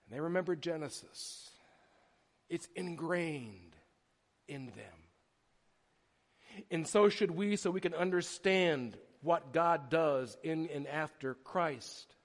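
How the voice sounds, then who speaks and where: A middle-aged pastor tells animated stories through a sermon in a church sanctuary, often restarting and pausing frequently. His voice is a little high and slow, and the recording has a long hall reverb.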